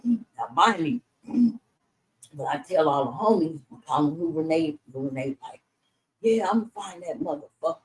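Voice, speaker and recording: A woman's voice: low voice, sing-song, normal speed, rough recording. A middle-aged woman from Los Angeles telling her life story in a casual interview, cursing freely and acting out the voices of the people in it. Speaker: interview guest.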